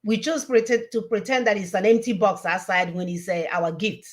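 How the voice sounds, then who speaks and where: A woman's voice: medium pitch, steady tone, normal speed. A woman giving an impassioned, preachy political talk with emphatic, repeated warnings. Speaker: online show co-host.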